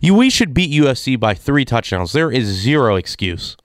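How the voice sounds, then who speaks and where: A man's voice: medium pitch, sing-song, moderate pace, dry recording, studio quality. Exasperated man ranting. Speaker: sports commentator. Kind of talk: casual sports rant.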